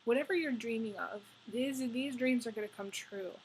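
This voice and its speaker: A woman's voice: on the high side, normal speed, rough recording. Woman doing a tarot reading, gushy and rambly, lots of um and like, a bit of hiss behind. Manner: rambling, effusive, full of "um" and "like". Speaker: tarot reader. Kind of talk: casual tarot reading to camera.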